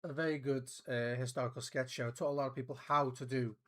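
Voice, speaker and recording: A man's voice: mid-range voice, steady tone, quick pace, a bit bright. A man streaming a video game, chatting casually in a rambling, profane way, with restarts. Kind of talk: casual gameplay commentary.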